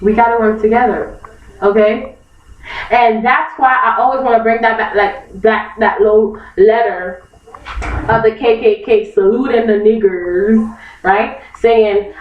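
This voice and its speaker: A woman's voice: on the high side, fairly even intonation, measured pace. Angry young woman ranting on camera. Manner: angry, emphatic, repeats herself, acts out others in mocking voices. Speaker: vlogger. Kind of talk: heated opinion rant. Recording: echoey, distant, dull lo-fi webcam recording.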